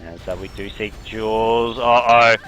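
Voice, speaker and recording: A young man with a slight French accent casts an esports match alone over a headset. His voice is bright and forward, with steady analysis that jumps into excited calls on big plays. Faint music plays under him. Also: medium pitch, fairly quick, lo-fi sound. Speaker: esports caster. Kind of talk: solo game commentary.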